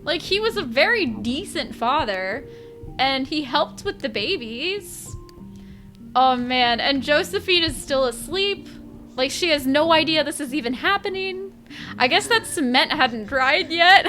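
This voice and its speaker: High, bright-voiced young woman streamer. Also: animated, measured pace, faint music behind. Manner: chatty, giggly, talks to chat. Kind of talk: live gameplay commentary.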